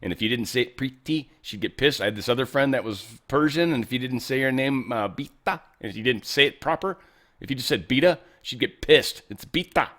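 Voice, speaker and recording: A man hosting a show, talking casually and bluntly over clips, rambling and swearing, his voice swinging between loud and quiet. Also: mid-range voice, fast talker. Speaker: show host.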